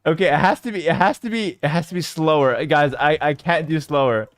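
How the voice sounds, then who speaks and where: A man streaming live esports commentary on a strategy match, reading out chat and swinging between loud hype and low, calm play calls. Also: fairly quick, no room sound.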